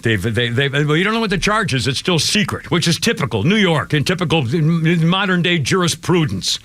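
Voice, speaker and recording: A man's voice: a little high, sing-song, a little fast, few pauses, slight background noise. A man hosting live talk radio, ranting in a heated, indignant way and repeating himself as he gets angry. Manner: apologizes for yelling. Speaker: radio talk show host.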